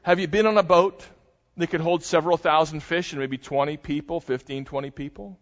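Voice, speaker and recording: An older male pastor preaches, retelling a story with animated, dramatic energy. His voice sits a little high for a man. The sound is muffled and rings with a long church reverb. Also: fairly quick. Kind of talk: sermon. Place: church sanctuary.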